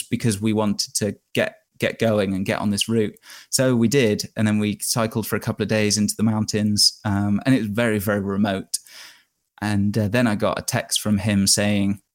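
An Englishman with a lowish voice tells a long anecdote as a guest in a casual interview. He rambles and corrects himself as he goes. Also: steady tone, normal speed. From England.

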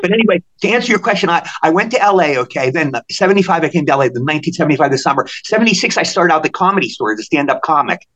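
An older man from Maryland, a podcast guest telling animated anecdotes and acting out the voices of people in them. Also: on the high side, very fast, few pauses, rough recording. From Maryland, USA. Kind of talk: storytelling in a podcast interview.

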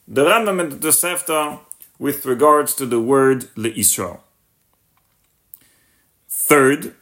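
A rabbi teaching a text-based class in English, mixing in Hebrew and Yiddish terms and translating each one, with many restarts and repeated words. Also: male voice, fairly bright tone. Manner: rises sharply in pitch when voicing the questions. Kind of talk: Torah lesson on a text.

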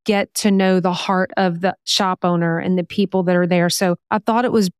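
A woman hosting an interview podcast, talking thoughtfully and slowing down to stress her key points. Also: on the low side, steady tone, clear, resonant tone, no echo, clean studio sound. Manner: warm praise, thoughtful, slows down to stress points. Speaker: podcast host. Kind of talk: casual interview conversation.

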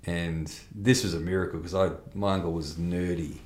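Man, middle-aged, candid rambling testimony, low voice, echoey room. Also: steady tone, normal speed, a little mellow. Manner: candid, blunt storytelling with restarts and mild swearing. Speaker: interview guest. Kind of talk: personal faith testimony in conversation.

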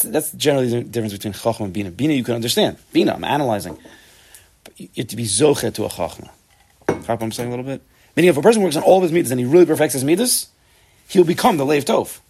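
A man giving a Torah class, animated and emphatic, often restarting his sentences. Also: medium pitch, vocal fry, breathy edge. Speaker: Torah teacher.

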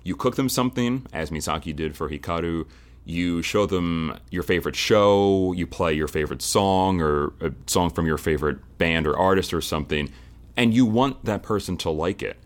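A man co-hosting a podcast, talking things over in a measured, reflective way with some restarts. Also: deep voice. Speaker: podcast co-host. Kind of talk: casual chat.

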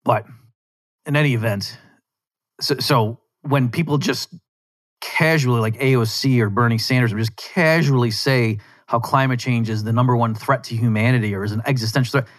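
A man's voice: mid-range voice, moderate pace. A male podcast host delivers a loose solo rant in an ordinary mid-range voice. He is sarcastic and rambling, doubling back on his words and interrupting himself as he goes. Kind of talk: casual monologue rant.

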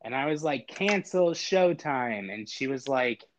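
A man's voice: mid-range voice, fairly quick, a bit bright. A man casually telling a story, acting out both sides of a frustrating phone call with exasperated humor. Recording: dull lo-fi audio.

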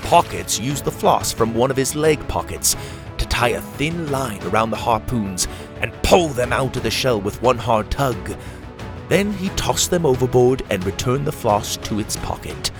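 A man narrating a children's adventure story in an animated way, voicing each character. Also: medium pitch, normal speed, over music.

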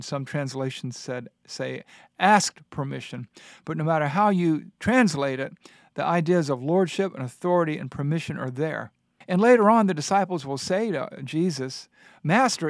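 A man's voice: a little high, no echo, studio quality. A man hosting a Bible discussion, reading passages aloud and teaching with earnest emphasis. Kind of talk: scripture teaching in a studio discussion.

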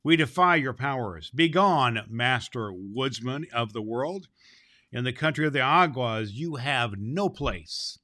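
A man's voice: mid-range voice, animated, unhurried, sharp tone, dry recording, clean studio sound. A man voicing the defiant king of a race of evil creatures, his voice trembling with rage in a storybook reading. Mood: raging defiance.

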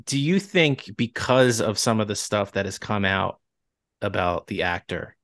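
A man's voice: lowish voice, animated, a little slow, a bit bright, dry recording, studio quality. A man with a Long Island accent co-hosting a casual podcast, chatty and leading the talk with hedging asides. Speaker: podcast co-host. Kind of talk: casual recap chat.

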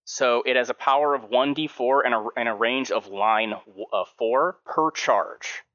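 A man's voice: mid-range voice, a little slow, pushed and bright, dull audio. A man playing a tabletop mech game, explaining his character's abilities step by step. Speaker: player.

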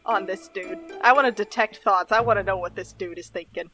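A woman's voice: medium pitch, brisk, pushed and bright, soft background music, rough recording. A woman playing a tabletop game in an eager, playful way. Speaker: player.

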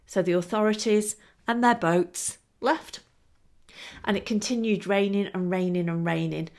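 A woman hosts a storytelling podcast, narrating in a lively, expressive way and laughing between lines. Her voice is mid-range and her pace measured.

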